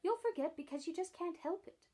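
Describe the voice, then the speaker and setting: A woman voicing a cheeky, bossy male starling from a storybook, brash and rough-spoken. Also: extremely high pitch, expressive, fairly quick, dark tone, voice pushed up. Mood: confiding.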